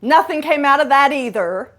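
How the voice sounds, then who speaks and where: A woman's voice: high-pitched, animated, normal speed, fairly bright tone. A middle-aged woman hosting a podcast, candidly telling a personal story with dramatic asides. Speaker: podcast host.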